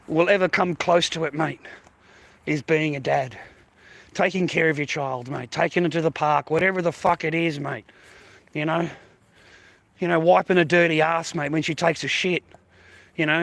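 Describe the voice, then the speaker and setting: A man's voice: fairly high pitch, fairly bright tone. A man with an Australian accent, livestreaming a casual outdoor monologue, blunt and sweary, tagging his sentences with "mate" and "bro". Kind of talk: casual live stream monologue. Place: outdoors near neighbourhood shops.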